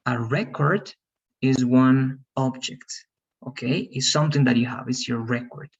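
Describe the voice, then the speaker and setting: Over a video call, a man teaches English pronunciation as an online class, patiently repeating "okay" and "right" and calling on students by name. His mid-range voice is level, slightly rough, and moderately paced, and the audio sounds dull.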